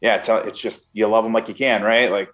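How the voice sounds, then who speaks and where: A man's voice: on the low side, level tone, fast, a bit bright. A man hosting a podcast, chatting loosely with lots of fillers. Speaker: podcast host. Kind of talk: casual interview chat.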